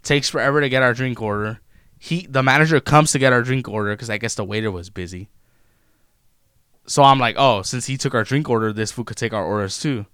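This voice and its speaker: A young man tells a story in a loud, profane, animated way. His voice is smooth and clear. It sounds close and dry, with no room around it. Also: medium pitch, brisk, no echo. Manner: profane, animated retelling of customer-service run-ins. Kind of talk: casual storytelling chat.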